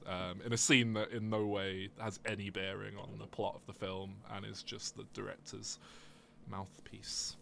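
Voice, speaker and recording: A man's voice: on the low side, creaky, fairly bright tone, slight background noise. A man co-hosting a podcast, chatting casually about a film and telling a rambling, self-mocking anecdote. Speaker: podcast co-host. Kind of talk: casual film review chat.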